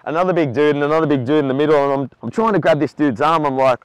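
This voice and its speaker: A clear, resonant, slightly high voice races through a candid interview, captured in a dry recording. He is a talkative Australian charity walker in his forties, recounting his own story and growing animated in the retelling.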